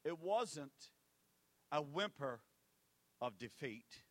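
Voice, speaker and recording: A man preaching a sermon, swinging between loud declarations and hushed asides and repeating key phrases for effect. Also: mid-range voice, animated, a little slow, no echo.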